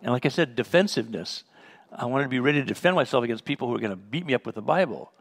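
A man's voice: mid-range voice, expressive, very fast, creaky. Man teaching the Bible through stories. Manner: storytelling, acts out remembered dialogue, chuckles.

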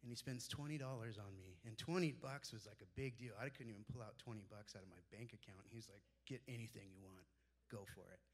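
Preaching fast with hardly any pauses, a pastor in his forties shares personal anecdotes. His voice drops soft and low each time he quotes one of his mentors.

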